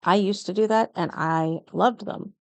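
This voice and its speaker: A woman's voice: medium pitch, unhurried, no room sound. A middle-aged woman chatting through a plan-with-me vlog, a little nervous and often correcting herself as she goes. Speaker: planner vlogger. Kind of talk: casual plan-with-me narration.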